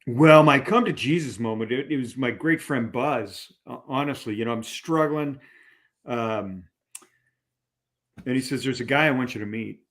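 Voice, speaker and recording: Man, middle-aged, podcast guest, animated storytelling, fillers and restarts. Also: medium pitch, normal speed. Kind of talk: conversational storytelling.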